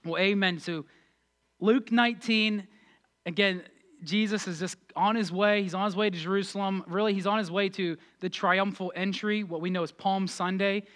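A man pastor preaching a sermon and leading prayer, energetic and emphatic with fervent peaks. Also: sits high, moderate pace.

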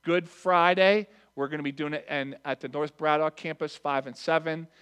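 A man's voice: a little high, fairly even intonation, moderate pace, a bit bright, clean tone. A pastor giving church announcements in an earnest, conversational way, speaking directly to his congregation.

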